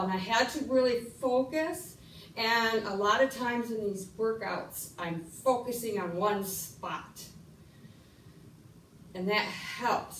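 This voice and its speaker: Winded middle-aged woman walking thru a workout move, slow, echoey room, mic kinda far. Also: on the high side, slight background noise. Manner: slow, instructive, counting out moves. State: getting winded. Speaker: fitness instructor. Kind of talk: exercise demonstration. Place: room while exercising.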